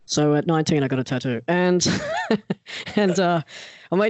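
Lively storytelling man, dry close sound. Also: fairly high pitch, measured pace, long pauses, clear, resonant tone, no echo. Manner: animated, acts out quoted voices. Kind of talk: casual storytelling chat.

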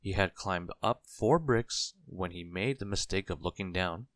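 A man narrates a children's storybook in a very deep voice, taking his time over each line. The reading is gentle and clear, with a dry, close sound. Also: unhurried, no room sound.

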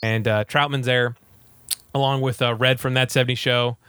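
A man casually retelling a movie plot in a rambling, animated way, full of fillers. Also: medium pitch, moderate pace, background noise.

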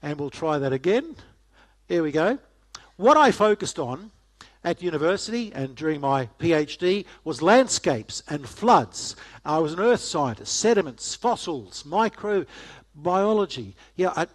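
A middle-aged man giving a casual, joking talk to a church audience, often asking them questions. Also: fairly high pitch. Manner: jokey, chatty, asks the audience questions. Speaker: guest speaker.

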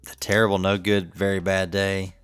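Middle-aged male podcast co-host, very low voice, rambling chuckly storyteller. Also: little pitch movement, moderate pace, fairly bright tone, clean tone, no room sound, soft background music. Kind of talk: casual chat.

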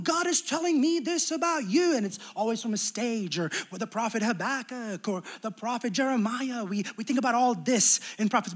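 A man's voice: extremely high pitch, fairly bright tone. A young adult man preaching a sermon as pastor, talking conversationally and acting out little quoted exchanges.

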